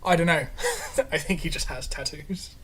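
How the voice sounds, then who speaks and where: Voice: medium pitch, moderate pace, fairly bright tone, slight background noise. A podcast co-host chatting casually, rambling with lots of "like" fillers. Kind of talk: casual chat.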